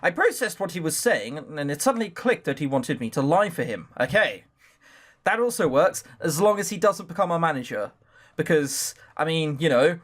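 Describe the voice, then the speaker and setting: A man reads a visual novel aloud and breaks off into rambling, jokey asides. His voice is high for a man and very animated, jumping all over its range. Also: fairly quick. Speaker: let's player.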